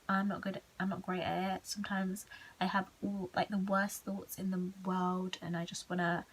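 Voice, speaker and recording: A woman's voice: mid-range voice, a bit bright, poor audio. A woman giving a casual pick-a-card tarot reading at home, chatty, candid and self-mocking.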